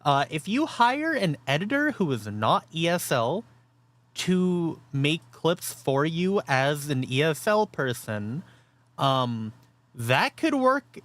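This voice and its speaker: Fields: Sex: woman. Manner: laughing, swearing. Pitch: very lively. Pace: slow. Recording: dry. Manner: laughs often, swears, reads chat aloud. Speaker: streamer reacting to a clip. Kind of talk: casual chat.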